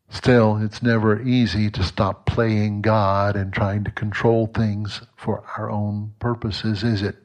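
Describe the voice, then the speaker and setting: A man giving a devotional reflection in an earnest, measured way, and reading aloud. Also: on the low side. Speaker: devotional speaker.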